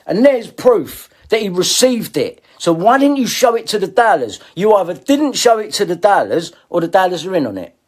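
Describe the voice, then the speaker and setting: A man's voice: high voice, big pitch swings, moderate pace, hardly any pauses. A middle-aged man ranting at people in a confrontational, swearing monologue, repeating himself. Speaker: video blogger.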